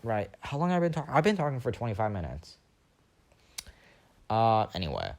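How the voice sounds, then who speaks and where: A man's voice: lowish voice, a little fast. A young man hosting a podcast, telling a rambling story in a casual monologue and acting out the other people's voices. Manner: animated, rambling, acts out quoted voices. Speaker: podcast host.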